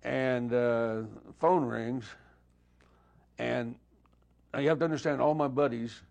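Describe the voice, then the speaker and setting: An older man telling stories in a relaxed, anecdotal way during an interview, acting out the dialogue he quotes. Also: mid-range voice, takes it slowly, gravelly. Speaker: guest musician. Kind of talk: storytelling interview.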